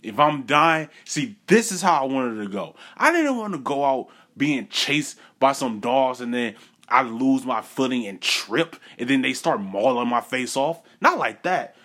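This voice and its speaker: Animated man telling a story. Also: medium pitch, measured pace. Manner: animated, repeats phrases for effect, acts out quotes. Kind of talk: casual personal storytelling.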